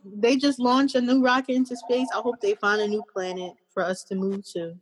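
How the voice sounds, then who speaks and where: A woman's voice: mid-range voice, fairly even intonation, brisk, background noise. A young woman in casual group chat, ranting in an exasperated way. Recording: long hall reverb.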